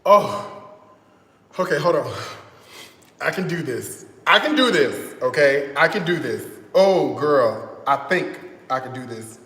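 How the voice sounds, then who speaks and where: A man hosting a live cooking stream in a slightly high voice, unhurried and theatrical. He talks straight to his viewers and breaks into dramatic exclamations and groans. The sound is roomy and echoing, with faint noise underneath. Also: big pitch swings, a bit bright. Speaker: cooking show host.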